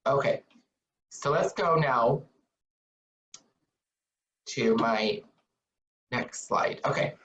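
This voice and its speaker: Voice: medium pitch, lively intonation, extremely slow, long pauses, a bit bright. A counselor giving a live webinar on mental health, speaking earnestly and encouragingly, with lots of rhetorical questions. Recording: echoey, distant, dull laptop audio.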